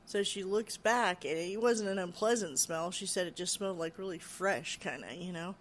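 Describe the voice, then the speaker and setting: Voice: medium pitch, normal speed, slight background noise. A podcast host casually retelling a ghost story in a chatty way, full of "she's like" and "you know". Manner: animated when quoting others, raising voice.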